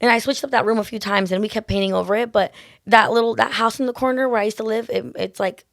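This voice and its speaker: A woman's voice: on the high side, steady tone, gravelly, no echo, studio quality. A woman nail artist telling stories in a casual chat, full of "like" and "literally". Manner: fast, chatty storyteller, lots of "like" and "literally".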